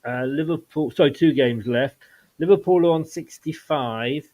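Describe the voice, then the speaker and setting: A rambling man hosting a fan podcast, his voice sitting a little high. He chats casually, trails off and restarts mid-sentence. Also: normal speed, a little mellow. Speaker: fan channel host. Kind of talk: casual football podcast chat.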